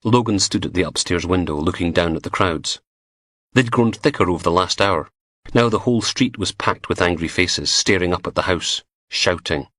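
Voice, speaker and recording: A man narrating a crime audiobook in an expressive, vivid storytelling manner. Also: low voice, normal speed, dry recording, clean studio sound.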